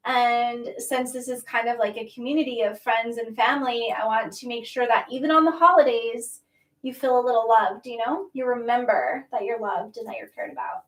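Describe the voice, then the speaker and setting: A woman hosting a casual livestream reads chat comments in a high voice with a steady tone and moderate pace. She's warm and chatty, emotional at times and laughing often, sitting a little far from the mic so the sound has a roomy echo.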